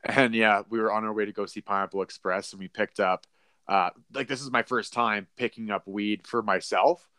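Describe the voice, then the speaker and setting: A man's voice: fairly low pitch, steady tone, moderate pace, bright, forceful tone, no echo, clean studio sound. A young man co-hosting a podcast, telling a story in a rambling way with lots of fillers and laughs. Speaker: podcast co-host. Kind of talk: casual chat.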